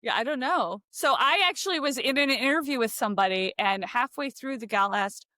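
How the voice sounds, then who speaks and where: A woman from Philadelphia, co-hosting a casual chat over drinks and telling lively stories full of "like". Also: on the high side, fairly quick, no echo, clean studio sound. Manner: chatty, fillers of "like", lively anecdotes. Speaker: co-host. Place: California.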